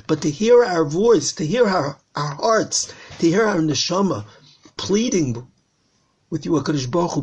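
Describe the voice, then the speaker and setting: Gravelly, husky older rabbi pleading earnestly. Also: male voice, a little high, darkish tone. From Israel. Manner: earnest, pleading, repeats phrases for emphasis. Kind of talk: recorded Torah talk on prayer.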